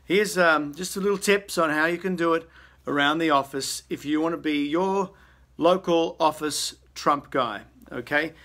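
Breezy comedian, a touch high. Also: male voice, normal speed, fairly bright tone. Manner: breezy and playful, chatty with fillers. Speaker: comedian teaching an impression. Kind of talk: comic tutorial.

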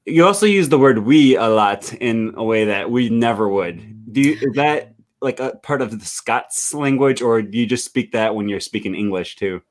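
A man's voice: mid-range voice, lively intonation, moderate pace. A young man from Wisconsin, hosting an easygoing chat. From Wisconsin, USA. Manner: easygoing, many fillers and laughs. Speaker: host, language YouTuber. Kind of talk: casual interview.

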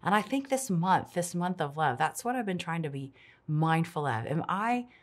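Low-voiced middle-aged woman, earnest. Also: expressive, normal speed. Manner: earnest, reflective storytelling. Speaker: ministry speaker. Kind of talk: devotional talk.

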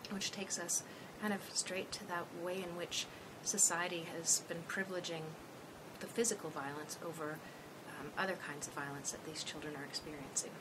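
Woman trainer, calm explanatory delivery, clear rumbling noise behind. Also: normal speed. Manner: thoughtful, explanatory, recounting a call. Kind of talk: training presentation.

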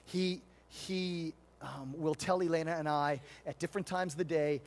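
A man's voice: fairly high pitch, steady tone, normal speed. Emphatic middle-aged male preacher. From United States. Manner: storytelling, shifts between loud emphatic and hushed tender. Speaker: pastor. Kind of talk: sermon.

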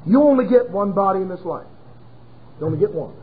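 A man preaching a sermon to his congregation in a folksy, emphatic way, slowing down hard on key words. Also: sits high, lively intonation, soft background music. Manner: folksy, emphatic preaching with sudden slowdowns and chuckles. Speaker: pastor. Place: church. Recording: tinny phone-like audio.

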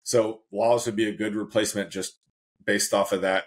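A man's voice: on the low side, fast, husky. A man co-hosting a casual sports chat, laid-back, laughing often and saying "man" a lot. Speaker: co-host.

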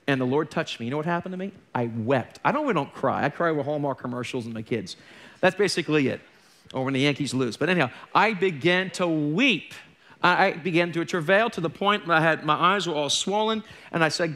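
A man's voice: on the high side, brisk, bright, forceful tone. A middle-aged man preaching a sermon as a pastor, candid and conversational, with joking asides. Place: church.

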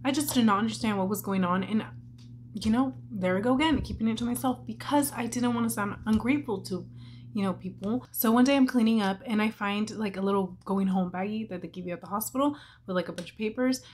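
A woman's voice: mid-range voice, fast talker, a little mellow, slight background noise. A young woman talking candidly and chattily in a casual makeup vlog while she tells a personal story, filling her talk with "like". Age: young adult. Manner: candid and chatty, many "like" fillers. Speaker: vlogger.

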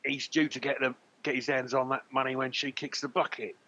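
A man's voice: mid-range voice, flat delivery, fairly quick, pushed and bright. A man doing a sweary grumpy barman. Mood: grumbling. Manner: sweary, grumbling. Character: foul-mouthed grumpy male tavern barman.

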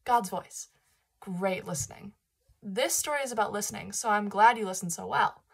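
A woman reads a Bible story aloud to children with a soft, slightly husky voice. Her delivery is lively and encouraging, and she stops often to ask the kids questions. Her pitch sits in the ordinary middle range. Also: moderate pace.

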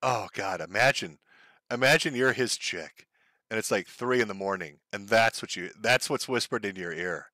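A man's voice: on the low side, normal speed, pushed and bright, no echo. A man hosting a stream, giving mocking commentary over clips and laughing often. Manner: laughs often, sneering and gleeful. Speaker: streamer host.

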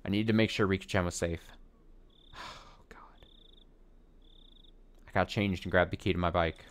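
A man streaming a visual novel, reading the story aloud and adding expressive, sometimes profane commentary. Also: deep voice, quick pace. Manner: expressive, swears when annoyed. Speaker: let's play streamer.

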